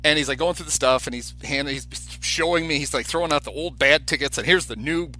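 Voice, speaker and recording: A slightly high-voiced man talks fast as a podcast co-host, telling an animated anecdote casually and imitating the people in it. Faint music sits behind him.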